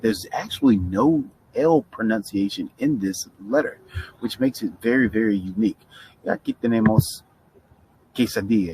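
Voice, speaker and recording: A man's voice: on the low side, a little mellow, a little hiss or hum, low-quality recording. A middle-aged man teaching Spanish pronunciation in a casual video lesson, switching between Spanish and English and often checking in with "right?". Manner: chatty, mixes Spanish and English, frequent "right?" check-ins.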